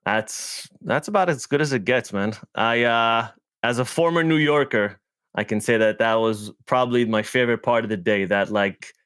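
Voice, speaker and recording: A man's voice: mid-range voice, normal speed, a bit bright, clear, resonant tone, no room sound, clean studio sound. A man with a New York accent hosting a podcast interview, chatty and rambling with lots of fillers. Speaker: podcast host.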